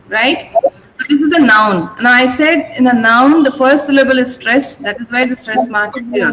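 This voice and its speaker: A woman teaching English in an online class, her voice sitting a bit high. She says each word slowly, repeats it several times and asks her pupils questions. Faint background noise runs under her voice. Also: lively intonation, fairly bright tone, poor audio.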